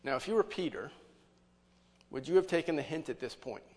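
Male pastor, sermon, chatty rhetorical style, voice a touch high, big sanctuary echo. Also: animated, a little fast. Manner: conversational preaching with rhetorical questions. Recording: long hall reverb.

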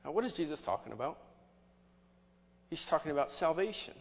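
A man's voice: on the high side, very animated, brisk. A man preaching a sermon as pastor, conversational, with many rhetorical questions to the congregation. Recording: long hall reverb.

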